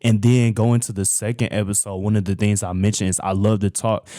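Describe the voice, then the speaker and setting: A young man hosts his own show and tells personal stories in a loose, chatty way, often calling his listeners "y'all". His voice sits low and the recording is dry and close. He talks like he's sitting across from a friend. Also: little pitch movement, brisk, mellow, dry recording. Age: young adult. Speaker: host. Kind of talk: casual personal storytelling.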